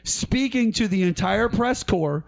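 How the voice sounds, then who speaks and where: A man hosting a podcast, giving casual, mocking political commentary in an animated way. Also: high-pitched, unhurried, gravelly. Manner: ranting, mocking, animated storytelling. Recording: dull lo-fi podcast audio.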